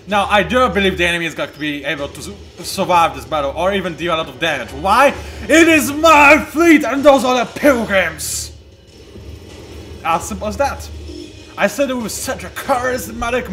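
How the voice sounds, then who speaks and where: A let's play host casually commentates on a strategy game he's playing, animated and self-mocking with bursts of excitement. His voice sits high.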